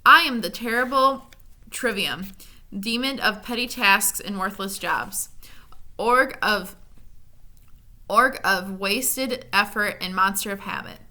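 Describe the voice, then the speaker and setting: Woman doing a scheming demon, male, snarling and wheedling, bright edgy tone. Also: mid-range voice, slow. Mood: gloating. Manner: snarling, then soft and wheedling. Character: sly scheming male demon of petty tasks.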